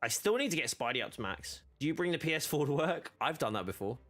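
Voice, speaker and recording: A man talks loosely over his game stream, trailing off and restarting his thoughts as he goes. His voice sits a little high for a man, and faint music plays in the background. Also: big pitch swings, quick pace, fairly bright tone. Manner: rambling, chatty, many fillers and restarts. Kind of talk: casual gaming stream chat.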